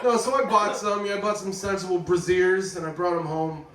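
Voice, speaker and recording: A man's voice: sits high, steady tone, brisk, far from the mic. Profane rambling stand-up comedian man. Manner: rambling, profane, self-mocking. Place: comedy club stage. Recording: roomy club sound from off-mic, loud crowd laughter. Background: audience laughing.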